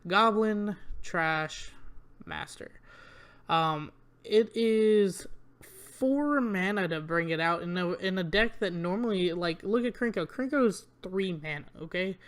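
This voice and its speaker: Slow and clean, at a medium pitch, a channel host looks over new trading card spoilers in a relaxed, meandering way. There are plenty of ums and uhs as the card text gets read aloud, along with grumbling about the poor cards.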